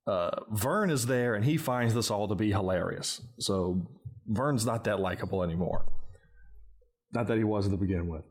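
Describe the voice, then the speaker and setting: A man's voice: on the low side, moderate pace. A man hosting a podcast, casually recapping a movie's plot step by step, with plenty of filler words. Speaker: podcast host.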